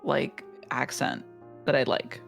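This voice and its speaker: A man from the United States chatting casually on a stream, halting with many fillers. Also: mid-range voice, level tone, creaky, fairly bright tone, soft background music. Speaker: stream guest. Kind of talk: casual chat on a voice call.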